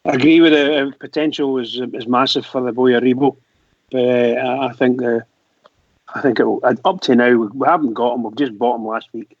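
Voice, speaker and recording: A man on a radio panel, talking in a halting, hesitant way. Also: medium pitch, fairly even intonation, no room sound. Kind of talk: casual radio chat. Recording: dry, dull lo-fi audio.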